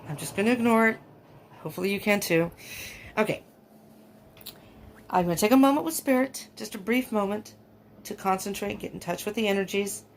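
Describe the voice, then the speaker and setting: A woman's voice: medium pitch, fairly quick, long pauses. A woman from California giving a casual, rambling tarot reading from an upstairs room at home. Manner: rambling, chatty, laughs often. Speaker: tarot reader. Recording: faint fan noise at home. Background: faint fan noise.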